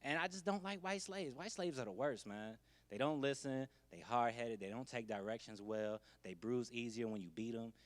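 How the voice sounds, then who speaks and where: A man's voice: medium pitch, moderate pace, few pauses, in a large hall. A man doing a stand-up comedy set, laid-back and conversational with wry asides.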